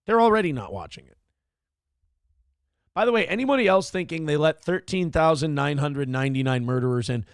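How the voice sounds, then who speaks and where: A man's voice: fairly high pitch, animated, a little fast, smooth, dry recording, clean studio sound. A man hosting a morning show, giving profane, sarcastic commentary on news clips.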